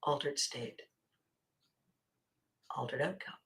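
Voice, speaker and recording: A woman hosting a podcast, telling stories in an animated way, acting out quoted voices and dropping to quiet asides. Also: a bass voice, slow. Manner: laughs often, drops to quiet asides. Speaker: podcast host and coach. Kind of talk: storytelling monologue.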